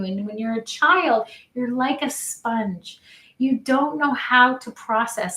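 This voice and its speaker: A woman life coach leading an energetic online session, cheering people through spoken affirmations. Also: on the high side, echoey room. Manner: upbeat, encouraging, leads chanted affirmations. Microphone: webcam.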